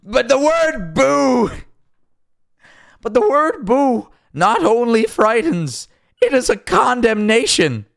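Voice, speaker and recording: This is a self-important lecturing pundit, put on by a male streamer mid-stream. The voice climbs noticeably higher than his usual and crawls along at half speed, each word weighed out with mock gravity. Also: big pitch swings, vocal fry, fairly bright tone, exaggerated voice. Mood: solemn. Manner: slow, solemn, drawn-out delivery.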